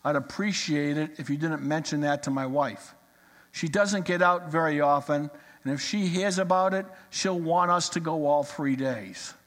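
Guy doing a flat monotone farmer, dry and unbothered, echoey hall. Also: on the high side, moderate pace, pitched below the performer's own voice, natural voice. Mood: deadpan. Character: dry, deadpan old farmer man.

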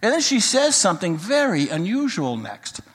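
A man's voice: sits high, normal speed, breathy edge. An older man, a grandfather, preaching a sermon and mixing humorous stories with Bible teaching. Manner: storytelling, jokes then teaching, animated quoting. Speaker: pastor. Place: church sanctuary. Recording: long hall reverb.

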